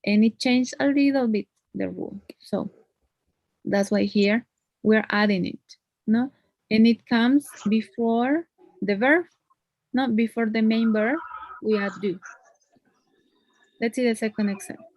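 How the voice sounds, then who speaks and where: A woman's voice: a little high, unhurried, pauses often, a little mellow, dry recording. A woman teaching English grammar one on one, explaining patiently and checking in with tag questions.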